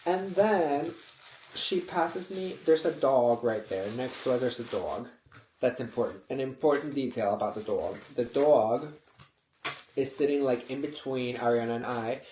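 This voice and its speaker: A man tells a story in a chatty, gossipy way, filling it with "like" and jumping into high squeals for the quotes. The room around him rings with echo. A faint hiss sits under the voice. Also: a little slow, a little mellow. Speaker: vlogger. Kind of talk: casual storytelling. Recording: roomy echo with faint noise.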